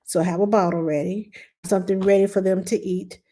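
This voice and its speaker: A middle-aged woman hosts a live question-and-answer stream as a nanny. Her voice is warm and relaxed, her pitch sits in the middle, and she talks in a loose, chatty way, reading viewer questions aloud as she goes. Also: brisk. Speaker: nanny giving parenting advice.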